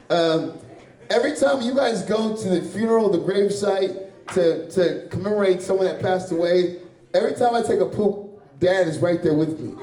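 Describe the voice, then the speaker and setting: A man's voice: high voice, warm tone. A man doing a loose, crude stand-up set, laughing at his own jokes and sweating on a handheld stage mic. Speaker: stand-up comedian. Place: small bar or club with a live audience. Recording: echoey room from far off.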